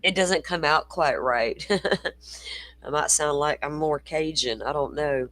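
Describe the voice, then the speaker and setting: This woman from Florida speaks in a low, fairly bright voice with a Southern accent and a slow pace. Hosting a casual livestream chat, she rambles, laughs a lot, and swears freely.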